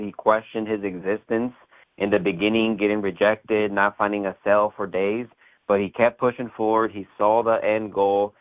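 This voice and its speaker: Brief: male host, deep-ish voice, rambling pep-talk style, tinny phone line. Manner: rambling, many fillers and "right?" tags. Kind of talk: motivational sales call interview.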